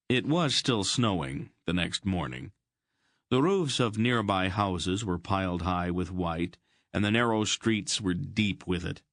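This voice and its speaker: A man with a deep voice narrating an audiobook, measured and expressive, letting his pitch wander widely. The recording is close and dry. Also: dry recording.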